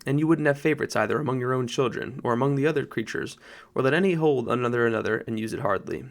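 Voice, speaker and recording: A man voicing a great lion who speaks slowly, low and deep, with solemn kingly gravity, in an audiobook. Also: expressive, creaky. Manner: slow, grave, low and deep. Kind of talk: audiobook narration.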